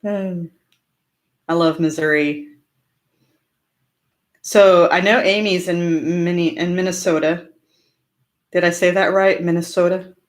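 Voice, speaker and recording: A chatty woman from Orange County in Southern California hosts a casual live stream, speaking slowly in a lowish, fairly even voice with long pauses. She answers viewer comments with frequent fillers and laughter.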